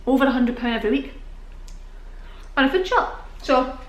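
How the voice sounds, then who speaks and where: Young British woman vlogging, breathless and chatty, higher voice in a roomy space. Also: lively intonation, normal speed. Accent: British English. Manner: chatty, rambling, laughing often. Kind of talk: casual chat to camera. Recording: echoey room.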